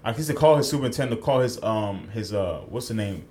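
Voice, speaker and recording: A man's voice: fairly low pitch, lively intonation, fairly quick, darkish tone, slight background noise. A man co-hosting a podcast, telling a story in casual chat, acting out the quotes and swearing freely, at a studio mic. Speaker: podcast co-host.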